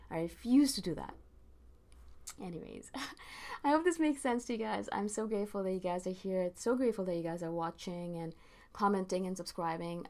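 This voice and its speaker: A woman speaks straight to her viewers in a casual, heartfelt pep talk. Her voice sits on the low side, and she leans on repetition to drive each point home, earnest and emphatic throughout. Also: darkish tone. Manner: earnest, emphatic, repeats phrases for stress. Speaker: spiritual vlogger. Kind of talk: casual motivational monologue to camera.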